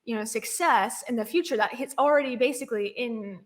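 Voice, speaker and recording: A woman's voice: fairly high pitch, fairly quick, a little hiss or hum. A woman hosting a commentary chat, laying out skeptical arguments point by point. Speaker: host.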